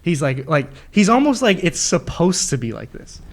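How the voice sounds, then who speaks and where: A young man with a fairly high voice tells a long, winding dream story to his friends. He talks in a lively, animated way, laughs often and acts out the voices of the people in the story. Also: normal speed. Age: young adult. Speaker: host. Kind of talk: casual storytelling among friends.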